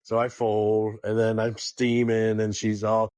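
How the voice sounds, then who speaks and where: A man co-hosting a poker podcast in casual chat, telling stories in an animated way and swearing freely. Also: on the low side, measured pace, no room sound. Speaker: podcast co-host.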